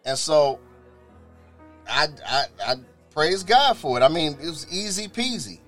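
With faint music behind him, a man with a fairly high-pitched voice casually and unhurriedly tells his personal testimony. He animatedly voices other people in quoted dialogue and often repeats or restarts words.

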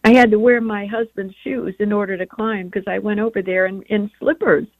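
A woman's voice: mid-range voice, fairly even intonation, fairly quick, no room sound. A middle-aged woman giving an earnest, devout personal testimony as a guest on a religious radio show. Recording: tinny phone line.

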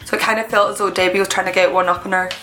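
Woman, podcast guest, hesitant, bright tone. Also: medium pitch, little pitch movement, racing, faint music behind. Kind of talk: casual TV review chat.

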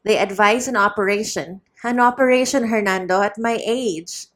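A woman's voice: medium pitch, moderate pace, a bit bright, lightly acted. A woman voicing a sick, aged, gloomy male friar who talks in a weary, sighing way.

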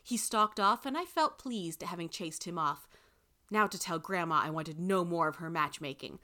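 A woman reading a first-person story aloud in an expressive way. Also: lowish voice, normal speed. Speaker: reader.

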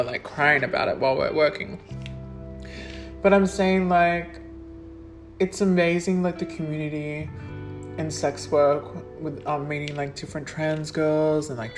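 A young adult woman, answering questions in a casual vlog, blunt and sweary, with lots of likes and ums. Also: sits low. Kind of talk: casual Q&A monologue.

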